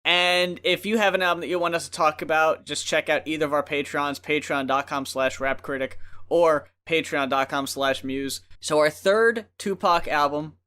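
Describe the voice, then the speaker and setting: A man's voice: on the high side, moderate pace, hardly any pauses, bright, forceful tone, clear, resonant tone. A man co-hosting an album review show in casual chat, laid-back, swearing freely and laughing often.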